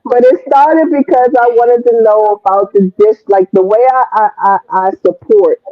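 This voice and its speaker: A woman from Washington D.C., a podcast guest telling a story in casual talk. She is animated, swears freely and jumps high in pitch when quoting herself. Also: normal speed, no echo, faint music behind. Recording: dry, phone-like narrow sound.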